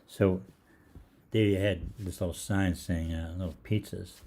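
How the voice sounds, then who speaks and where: A man's voice: low voice, steady tone, a little slow, dark tone, a little hiss or hum. An older man hosting a health program, telling a rambling anecdote in a chatty way and acting out the other people's lines. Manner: chatty, acts out quoted voices, frequent ums and restarts. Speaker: holistic health program host. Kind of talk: casual rambling storytelling monologue.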